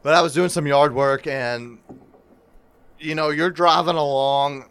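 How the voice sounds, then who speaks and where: A man's voice: on the high side, steady tone, unhurried, fairly bright tone, clean tone. A man co-hosting a podcast, telling a crude story in casual chat, swearing often and laughing. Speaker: podcast co-host. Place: lives in the American South.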